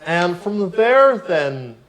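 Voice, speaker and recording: A man giving a piano tutorial, explaining technique in a relaxed, explanatory way. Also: high voice, drawn-out words, rough recording. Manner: relaxed, explanatory, counts beats aloud while playing. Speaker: piano teacher. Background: piano playing.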